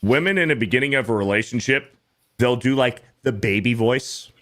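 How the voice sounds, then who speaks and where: A man hosting a casual podcast chat, talking bluntly with lots of swearing and mimicking others in high mocking voices. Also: normal speed, a bit bright. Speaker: podcast host.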